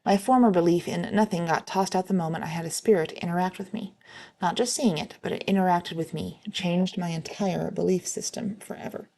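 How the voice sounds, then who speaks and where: A woman reading online stories aloud in a plain, steady way, with a few slips and restarts. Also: lowish voice, fairly quick, vocal fry.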